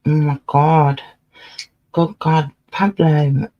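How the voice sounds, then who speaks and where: A woman's voice: sits low, fairly even intonation, drawn-out words, highs cut off. A woman casually chatting on her livestream, swearing freely and scolding her cat as she talks. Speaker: livestream host.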